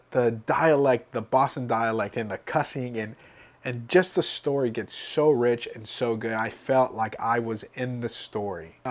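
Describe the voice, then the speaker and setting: A man giving an enthusiastic, chatty book review as a vlogger. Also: mid-range voice.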